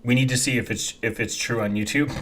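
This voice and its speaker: A man ranting as he reacts to videos, swearing and mocking, dropping to quiet mumbles and then bursting into loud shouts. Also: medium pitch, fairly even intonation, fast. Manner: angry, profane, mocking, breaks into sudden shouts; mumbles quietly while reading comments aloud.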